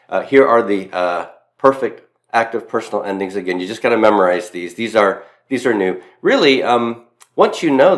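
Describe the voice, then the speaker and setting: In a recorded grammar lecture, a Southern man from Mississippi teaches Latin in a deep voice with a Mississippi accent. His style is emphatic: he hammers his key points by repeating them and pokes fun at himself along the way.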